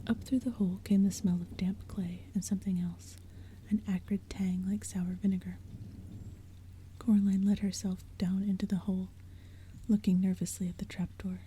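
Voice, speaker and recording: A woman in whispered role-play reads a storybook in a slow, hushed, breathy whisper. Her tone is very dark and mellow. Faint rain and soft thunder murmur behind her. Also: medium pitch, level tone, a little hiss or hum. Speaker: ASMR audiobook reader.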